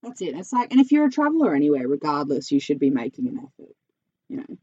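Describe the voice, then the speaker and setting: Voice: mid-range voice, big pitch swings, fast talker, warm tone, slightly rough, no echo, dull audio. An Australian podcast host chatting casually, laughing often and telling stories with energy. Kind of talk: casual chat.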